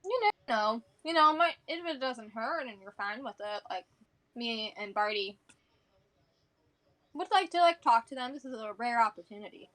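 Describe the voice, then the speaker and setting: High-voiced woman playing a tabletop game. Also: lively intonation, moderate pace, fairly bright tone. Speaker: player.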